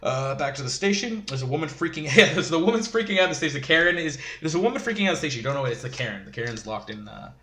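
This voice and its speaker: A man's voice: on the high side, expressive, very fast, few pauses, bright, forceful tone. A man giving a rambling, casual episode recap, full of fillers and chuckling asides. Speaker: show reviewer. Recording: roomy echo.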